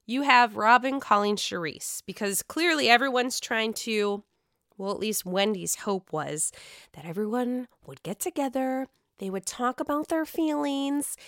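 A woman talks in a relaxed, chatty way, swearing often and telling things with animated energy. Her voice is bright and sharp with a clean, smooth tone. The recording is dry and close, with no room sound. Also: a little high, no echo. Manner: chatty, profane, animated retelling. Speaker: podcast host recapping reality TV. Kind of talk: casual chat.

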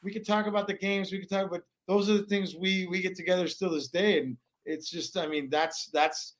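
A man in his forties, a former pro hockey player from Alaska, telling stories in a rambling, animated way with many restarts. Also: high-pitched, a little fast. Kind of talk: casual storytelling interview.

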